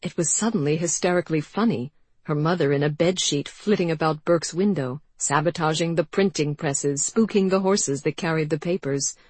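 A woman reading an audiobook aloud in measured, expressive storytelling narration. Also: sits low, breathy edge, dry recording. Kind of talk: scripted narration.

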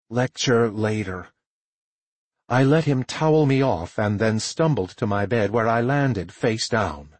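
A man narrating a first-person audiobook in a measured, tired storytelling manner with a husky voice. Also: fairly low pitch, expressive, no echo.

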